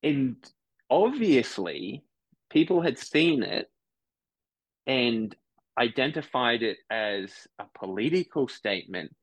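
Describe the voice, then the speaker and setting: A man's voice: mid-range voice, big pitch swings, slow pace, dry recording, low-quality recording. A man from Brisbane, a podcast guest chatting casually, often correcting himself mid-sentence and acting out online commenters. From Brisbane, Australia. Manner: rambling, self-correcting, acts out online commenters.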